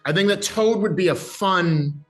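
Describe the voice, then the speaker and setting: A man being interviewed about his voice acting work, talking with lively, animated energy. His voice sits a little above the usual pitch for a man. He often restarts his sentences as his thoughts race ahead. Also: unhurried, faint music behind. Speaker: voice actor. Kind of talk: interview chat.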